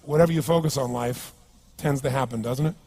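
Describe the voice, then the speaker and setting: A man's voice: medium pitch, a little fast, dark tone. A man speaking as a motivational speaker at a live seminar, emphatic and punchy, often asking the audience questions.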